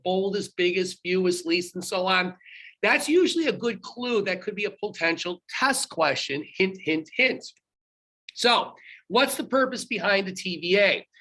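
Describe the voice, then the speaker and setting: A man's voice: sits high, sharp tone. A man teaching history in a recorded online lecture to his students, talking in a conversational, emphatic way and correcting himself aloud as he goes, recorded on a laptop.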